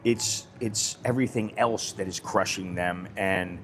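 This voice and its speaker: A man's voice: low voice, measured pace. American guy rambling on his livestream, blunt, swears a bit, faint music behind. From United States. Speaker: live-stream host. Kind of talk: casual live-stream chat.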